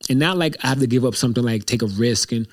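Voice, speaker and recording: Man, show host, casual reflective monologue, rambling, repeats phrases, candid, mid pitch. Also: fast talker.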